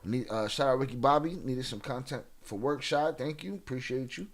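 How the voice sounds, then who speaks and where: A man hosting a live stream in a casual, slangy, laid-back way, giving shout-outs to viewers. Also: mid-range voice, a little fast. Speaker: livestream host.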